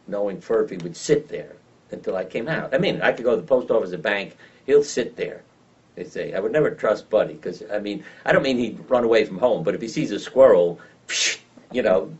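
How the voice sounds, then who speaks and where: An older man telling lively anecdotes as an interview guest, acting out the voices of the people in his stories. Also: on the low side. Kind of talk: storytelling in an interview. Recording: dull lo-fi sound from some distance.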